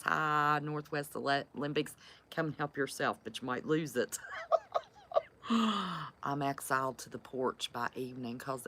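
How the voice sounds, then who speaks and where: Low-voiced folksy woman. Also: bright, forceful tone, slight background noise. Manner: chatty, folksy, greets by name. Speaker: livestream host greeting viewers. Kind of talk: casual live chat. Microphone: phone on a stand.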